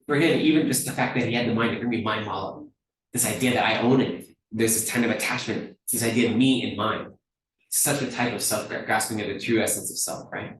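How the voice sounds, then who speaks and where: A man giving a Buddhist teaching in a relaxed, conversational way, often checking in with listeners by asking "right?". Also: medium pitch, fast. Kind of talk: dharma teaching talk. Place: teaching hall at a dharma center. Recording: very echoey room, mic far off.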